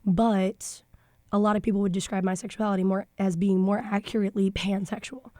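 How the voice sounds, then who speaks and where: A woman's voice: mid-range voice, little pitch movement, fairly quick, dark tone, no echo, studio quality. Frank, snarky young woman. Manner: frank and snarky, thinks aloud with fillers. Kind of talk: casual podcast discussion. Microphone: studio microphone.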